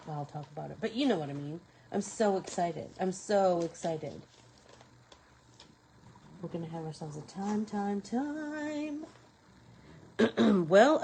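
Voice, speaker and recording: A woman's voice: on the low side, darkish tone, slight background noise, rough recording. A woman hosting a live painting tutorial, talking casually to viewers and to herself as she works. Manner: talks to herself while working, rambling. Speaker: craft show host.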